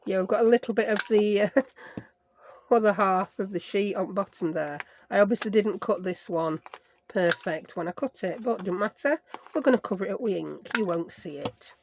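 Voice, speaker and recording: Sheffield lady crafting and nattering on, jokey made-up words, bit of fry in her voice. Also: mid-range voice, normal speed, slight background noise. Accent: Sheffield English. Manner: rambling, self-mocking chatter with playful made-up words. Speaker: craft vlogger. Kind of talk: chatty craft-along narration.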